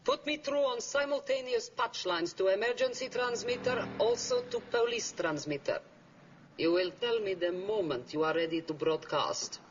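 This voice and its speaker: A woman's voice: mid-range voice, lively intonation, moderate pace, natural voice. An actress playing a cold, commanding female secret-police commissar who gives curt, scornful orders. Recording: dull 1960s TV soundtrack with hiss.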